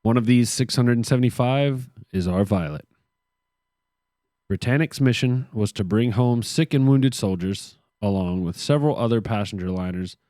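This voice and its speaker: Co-hosting a laid-back podcast, this man reads history off his notes and cracks sarcastic jokes along the way. He speaks on the low side with a warm tone. The sound is studio quality with no echo.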